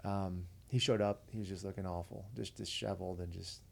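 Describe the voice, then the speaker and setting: A man's voice: deep voice, steady tone, brisk, creaky. A man who is a veteran and podcast guest, earnestly telling a story in a casual, conversational way. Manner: earnest, conversational, retells dialogue.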